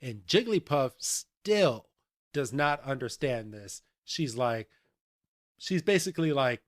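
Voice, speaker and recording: A man hosting a podcast, retelling a cartoon episode in an animated, chatty way and laughing often. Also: mid-range voice, slow, no echo, clean studio sound. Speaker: podcast host. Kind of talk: casual podcast recap.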